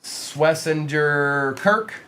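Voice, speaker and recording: A man's voice: on the high side, drawn-out words, sharp tone, slight background noise. A man hosting a live sports card break, reading out player names from the pulls and chatting casually with viewers in the stream chat.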